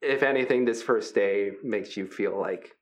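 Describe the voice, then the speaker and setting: A man voicing a huge, gentle, triceratops-like male arena performer who gives friendly, rambling pep talks. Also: lowish voice, unhurried, voice pushed down, close to an everyday voice. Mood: chatty.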